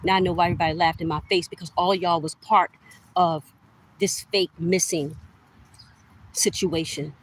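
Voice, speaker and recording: A woman's voice: on the low side, steady tone, normal speed, pauses often, slight background noise, rough recording. A middle-aged woman ranting straight to camera in an accusatory, heated way, repeating herself for emphasis and addressing listeners as y'all. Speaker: vlogger. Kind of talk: direct-to-camera rant.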